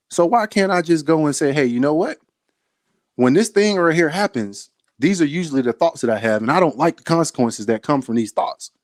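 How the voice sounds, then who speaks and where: A man's voice: fairly high pitch, no echo. Emphatic man giving a motivational talk. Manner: emphatic, repeats phrases, speaks directly to the viewer. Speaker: soldier giving motivational talks.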